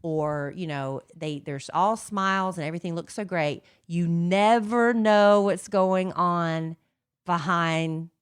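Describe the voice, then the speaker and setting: A woman's voice: on the low side, takes it slowly, clean tone. A middle-aged woman co-hosting a podcast, rambling and gossipy in casual chat, with lots of fillers. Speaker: podcast co-host.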